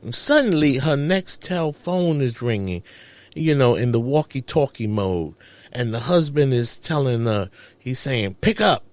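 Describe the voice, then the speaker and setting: A man hosting a podcast, telling a personal story in a dramatic, animated way. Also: measured pace, dry recording. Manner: dramatic, animated retelling with big pitch jumps. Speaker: podcast host. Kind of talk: storytelling monologue.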